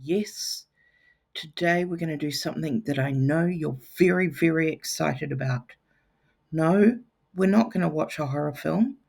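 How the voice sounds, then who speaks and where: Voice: medium pitch, normal speed, creaky, darkish tone. A teacher gives a lesson to children, with playful, teasing asides.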